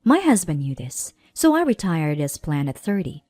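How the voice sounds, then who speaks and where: A woman in her thirties narrating a personal story in a measured, plaintive way. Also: deep voice, very animated, darkish tone, no echo. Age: 30s.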